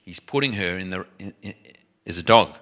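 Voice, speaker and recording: A man preaching a sermon in an animated, emphatic way, often restarting his sentences. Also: low-pitched, brisk.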